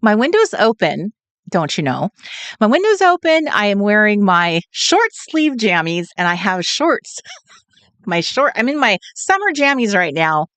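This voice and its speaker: A woman's voice: mid-range voice, sing-song, unhurried, pushed and bright, no echo. A woman from California hosting a late-night craft livestream, chatting and greeting viewers in a giggly, sing-song way. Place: home, at night.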